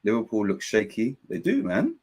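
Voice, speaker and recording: A man hosting a live football watchalong, commenting on play and reading out viewers' chat messages in an excitable, chatty way. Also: fairly low pitch, normal speed, husky. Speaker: watchalong host.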